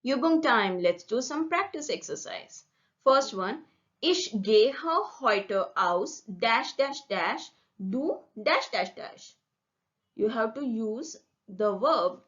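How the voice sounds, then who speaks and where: A woman with a fairly high voice gives a language lesson at a very unhurried pace, spelling out each rule step by step. She repeats the example words slowly for practice. The recording sounds dull and lo-fi. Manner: slow, deliberate, repeats example words for drilling. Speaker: German teacher.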